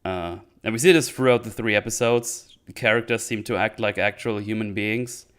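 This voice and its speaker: Male streamer, low-pitched and smooth, rambling and unhurried commentary. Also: a bit bright. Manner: rambling, hesitant, thinks aloud. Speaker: streamer reviewing a TV show. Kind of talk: casual livestream commentary.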